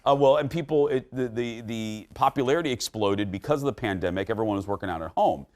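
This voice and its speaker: A man's voice: fairly low pitch, a little mellow. A man in his forties hosting a live morning talk show in an upbeat, chatty way. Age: 40s. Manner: upbeat and chatty, quick asides. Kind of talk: lively morning show chat. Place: TV studio with live audience.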